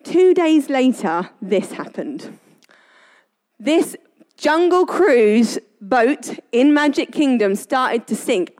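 A woman's voice: high voice, expressive, takes it slowly, darkish tone. A woman giving a casual devotional talk, telling family stories in a chatty way and often laughing. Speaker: Christian speaker.

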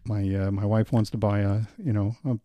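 A man's voice: lowish voice, steady tone, brisk, warm tone, no echo. A man co-hosting a podcast, chatting casually in an agreeable, rambling, supportive way. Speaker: podcast co-host.

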